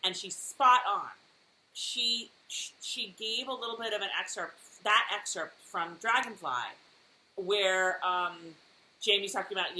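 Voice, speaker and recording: Animated woman recapping TV, roomy sound. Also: medium pitch, a little slow. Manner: animated, laughing, acts out lines. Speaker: podcast co-host. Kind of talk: casual recap chat. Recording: roomy echo, faint noise.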